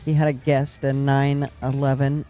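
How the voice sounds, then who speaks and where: A man's voice: medium pitch, monotone, normal speed, warm tone, faint music behind. A man co-hosting a live stream in casual chat, laid-back and agreeable, rambling a little. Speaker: stream co-host.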